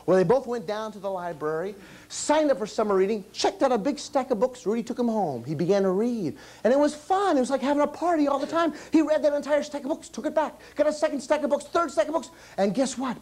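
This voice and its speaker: A man performing as a children's entertainer, telling a comic story on stage and firing questions at the kids. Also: extremely high pitch. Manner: animated, quizzes the kids.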